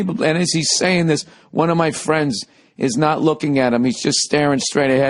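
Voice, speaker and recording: A man's voice: on the high side, steady tone, normal speed. Profane rambling storyteller man. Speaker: podcast host. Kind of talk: casual comic monologue.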